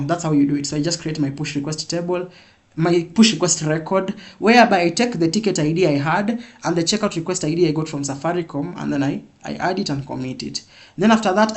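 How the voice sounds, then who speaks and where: A man teaching a live programming class, repeating points and checking in with "yeah?". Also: high-pitched. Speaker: programming instructor.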